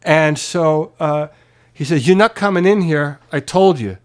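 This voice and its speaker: Animated man telling a swearing-laced story. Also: a little high, a little slow, clear, resonant tone. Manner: animated, swears freely, acts out quoted voices. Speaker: guest musician. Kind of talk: casual storytelling. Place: private home.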